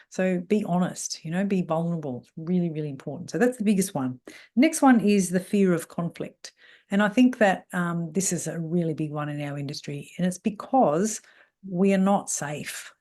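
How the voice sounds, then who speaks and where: A middle-aged woman, talking as a salon mentor in an animated way. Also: lowish voice, normal speed. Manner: animated, mimics voices when quoting people. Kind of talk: talk on salon team issues.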